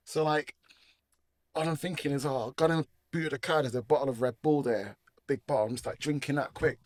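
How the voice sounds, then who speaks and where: A man's voice: medium pitch, steady tone, quick pace, dry recording. A middle-aged man with a Manchester accent telling his life story as a guest, rambling with slang and acting out the voices of people in it. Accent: Manchester English. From England. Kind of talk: personal testimony storytelling.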